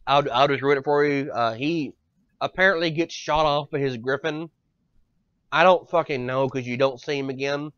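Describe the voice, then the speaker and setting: Profane, animated man ranting, dull audio. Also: a little high, no echo. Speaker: podcast host. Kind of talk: casual podcast chat.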